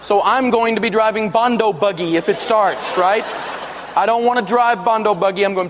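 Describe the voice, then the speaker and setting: A man's voice: high-pitched, normal speed, big-room sound, background noise. A man giving a live seminar talk, telling jokey stories in a folksy, emphatic way. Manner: joking storyteller, folksy and emphatic. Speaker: money speaker and radio host.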